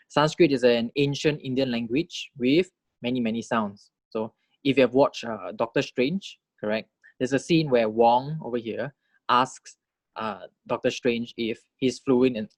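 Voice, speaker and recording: A mid-range male voice, with no room sound, teaches a language class as a lecture. He models sounds slowly and clearly, patiently repeats key points and checks in with "right?" as he goes.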